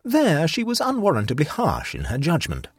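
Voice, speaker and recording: A male narrator with a husky, slightly breathy voice tells a story in a wry, measured manner. His delivery swings widely in pitch, and the recording is close and dry with no room sound. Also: huge pitch swings, dry recording.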